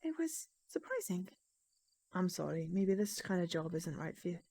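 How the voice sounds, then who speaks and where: A woman's voice: on the low side, very animated, moderate pace, mellow. A woman voicing a young heroine, shaken but determined, speaking earnestly.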